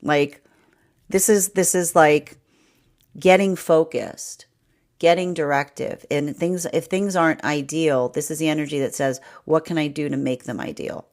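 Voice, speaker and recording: A woman's voice: low-pitched, unhurried, darkish tone. A woman giving a rambling livestream tarot reading, often acting out imagined inner voices and breaking into laughs. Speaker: tarot reader.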